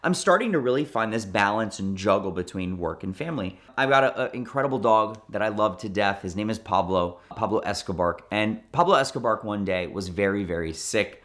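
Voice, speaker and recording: A man in his thirties, a car dealer, telling a story with lively restarts and acted-out dialogue. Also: fairly low pitch, a little fast, few pauses. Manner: animated, many restarts and quoted dialogue. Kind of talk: storytelling interview.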